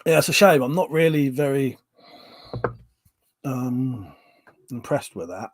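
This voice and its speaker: A man runs a casual livestream from his home, going through viewer comments with banter, swearing and frequent laughter, drinking along the way. He speaks slowly in an expressive mid-range voice, with no echo.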